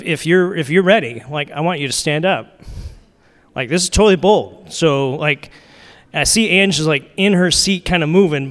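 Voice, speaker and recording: A man's voice: sits high, a bit bright. A man preaching a sermon as pastor, casual and conversational, with frequent fillers and restarts. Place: church sanctuary. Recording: long reverb of a large hall.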